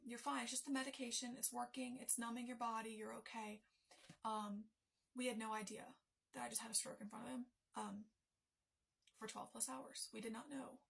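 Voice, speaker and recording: A woman's voice: mid-range voice, gravelly, a bit bright, breathy edge. A woman telling her own story as a candid, emotional personal testimony, with many fillers.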